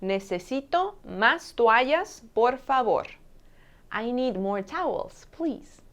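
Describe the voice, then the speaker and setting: A woman teaching a language lesson, saying each travel phrase slowly and clearly and repeating it. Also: a little high, animated, fairly bright tone. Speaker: Spanish teacher.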